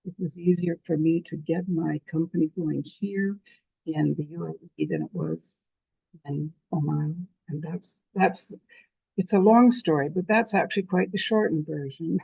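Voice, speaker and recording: A Canadian woman past sixty-five, giving a lively motivational talk and telling her story with self-deprecating humor. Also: lowish voice, normal speed, gravelly, slightly rough, no room sound, highs cut off. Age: over 65. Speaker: conference speaker.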